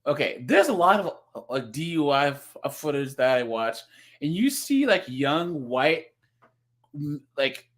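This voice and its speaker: Lively joking man hosting a reaction stream. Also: fairly high pitch, a little slow. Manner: animated, laughing, mocking impressions. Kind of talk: casual live reaction commentary.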